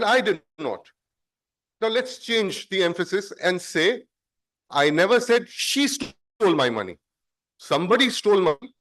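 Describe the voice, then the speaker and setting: Measured man giving a conference talk. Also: high-pitched, a bit bright. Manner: measured, explanatory, stresses words for effect. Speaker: conference speaker. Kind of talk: conference presentation.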